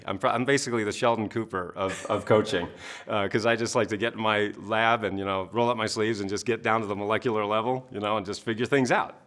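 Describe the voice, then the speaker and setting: Energetic man in his fifties, coach, quick delivery, storytelling with laughs. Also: on the low side. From Maine, USA. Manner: energetic, laughs often, acts out his audiences. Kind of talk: animated interview storytelling.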